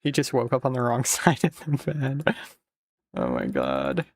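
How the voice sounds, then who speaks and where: A man's voice: medium pitch, huge pitch swings, a little slow. A man streaming, casually commenting on a video with amused jokes and frequent laughter. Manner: amused, joking, laughing often.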